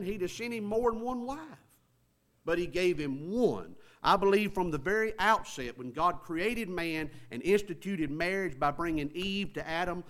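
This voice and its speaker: A man preaching a sermon in a folksy, conversational way, stretching words for emphasis. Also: high voice.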